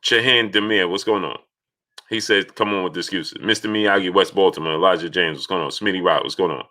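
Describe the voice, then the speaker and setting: A man with a low voice hosts a casual live stream, greeting viewers by name in a steady stream. His tone is bright and forceful. When he makes a point, he turns loud and insistent. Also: brisk. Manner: reads out viewer names and greets each one.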